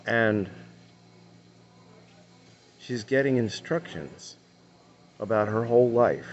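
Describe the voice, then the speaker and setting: A man's voice: low voice, dull audio. A man earnestly retelling and commenting on a testimony clip he has just played. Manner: earnest, retelling the story in his own words. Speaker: online commentator.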